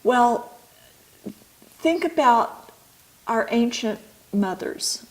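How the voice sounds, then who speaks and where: Slow, thoughtful woman explaining. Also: on the high side, lively intonation, rough recording. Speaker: author and midwife. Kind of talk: interview.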